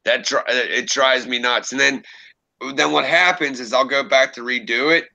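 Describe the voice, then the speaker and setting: Streaming from his home room, this young streamer and creepypasta narrator rambles through casual chat, cursing and frequently chuckling at his own remarks. He speaks at a moderate pace in a mid-range voice that's creaky, bright, and forceful. The audio is poor.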